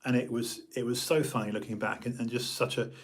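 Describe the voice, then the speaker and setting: A middle-aged man with a British accent, talking off the cuff on a live stream. His voice is a touch husky and sits at an ordinary middle pitch. He rambles, jokes and restarts his sentences often, animated and chatty throughout. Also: fairly quick. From United Kingdom. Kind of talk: casual rambling monologue.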